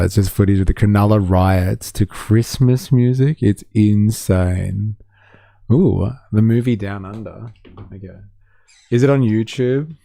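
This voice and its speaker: A man's voice: fairly low pitch, gravelly, dark tone, no room sound. A man with an Australian accent giving sardonic, swearing live-stream commentary and reading out chat comments.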